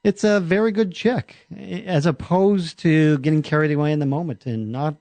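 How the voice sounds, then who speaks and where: A man co-hosting a podcast, easygoing and quick to chuckle in casual conversation. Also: a little high, a little mellow, no room sound. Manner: easygoing, short agreeing replies, chuckles. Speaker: podcast co-host.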